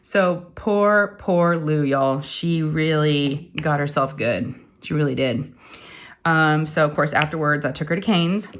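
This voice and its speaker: Woman, middle-aged, casual crafting chat, somewhat low pitch, rambling storyteller. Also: measured pace. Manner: rambling storyteller, acts out quotes. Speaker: crafting channel host.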